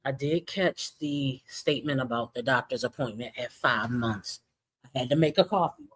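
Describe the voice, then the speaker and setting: A man's voice: mid-range voice, moderate pace, a bit bright, breathy edge, no echo. A man reacting to a vlog with blunt, scathing commentary. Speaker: commentary youtuber.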